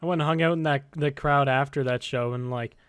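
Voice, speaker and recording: A man's voice: medium pitch, brisk, clear, resonant tone, no echo, clean studio sound. A young man co-hosting a podcast, telling stories casually and acting out what people said. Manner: animated storytelling, acts out quotes. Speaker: podcast co-host. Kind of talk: casual chat.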